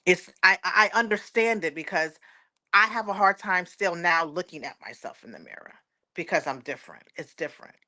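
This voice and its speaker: A woman's voice: fairly low pitch, fairly quick, bright, forceful tone. A woman, a guest giving an earnest personal testimony and often quoting others aloud. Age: 40s. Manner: earnest, repeats words, quotes others aloud.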